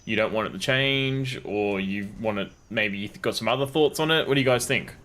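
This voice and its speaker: A man's voice: lowish voice, fairly quick, a bit bright. A man co-hosting a livestream, teasing his partner playfully and giggling. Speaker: streamer co-host. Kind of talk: casual gaming livestream chat.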